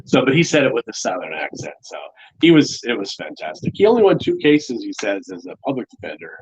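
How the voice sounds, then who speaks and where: A man's voice: mid-range voice, big pitch swings, fairly quick, breathy edge, dull audio. A middle-aged man co-hosting a casual chat show, telling stories in a joking, teasing way. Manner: joking storyteller. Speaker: co-host.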